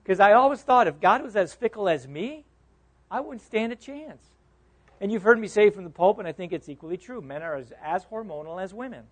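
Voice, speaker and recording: A man with a fairly high voice teaches a Bible class as a pastor. He is animated and conversational, tosses questions to his listeners, and often doubles back on his own words mid-sentence. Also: brisk. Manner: animated, quizzes listeners, repeats and restarts words.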